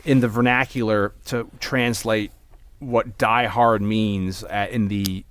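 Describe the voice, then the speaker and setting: A man co-hosting a movie podcast, talking in a rambling, animated way with many restarts. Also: lowish voice, slow, a little hiss or hum. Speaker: podcast co-host. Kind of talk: casual movie discussion.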